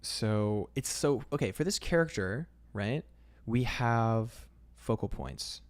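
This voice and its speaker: A man's voice: on the low side, expressive. A young man casually chatting on a livestream, reading out comments and rambling with lots of fillers. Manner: laid-back and rambling, drawn-out fillers, calls chat "man". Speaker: illustrator streaming live.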